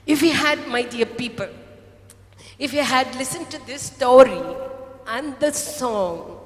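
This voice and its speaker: A woman preaching a sermon to a congregation, telling a story slowly and acting out the voices of a potter and a clay cup. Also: high-pitched. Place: large hall. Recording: echoey hall, voice from off-mic.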